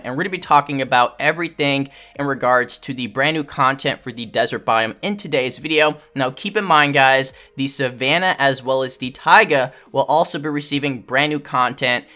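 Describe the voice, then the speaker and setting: A young man hosting a gaming channel, talking in an excited, hyped-up casual commentary. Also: mid-range voice, moderate pace, hardly any pauses. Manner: hyped, enthusiastic. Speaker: gaming YouTuber.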